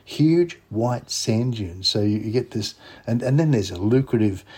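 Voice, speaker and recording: A man's voice: lowish voice, animated, a little slow, dark tone, husky. A man with an Australian accent hosting a radio show, chatting casually and with enthusiasm. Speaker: radio host.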